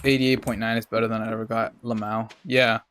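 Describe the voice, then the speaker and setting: A man's voice: on the low side, flat delivery, brisk, a bit bright, slight background noise. A young adult man streaming a game, telling a rambling, profane story in a casual, laid-back way. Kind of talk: casual storytelling while gaming.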